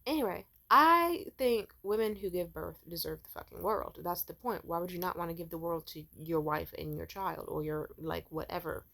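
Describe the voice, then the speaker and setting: A woman's voice: on the low side, normal speed, creaky, hardly any pauses, bright, forceful tone. A young woman hosting a commentary rant, profane and heated, acting out quoted people in raised voices. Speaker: commentary host. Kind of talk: ranting commentary.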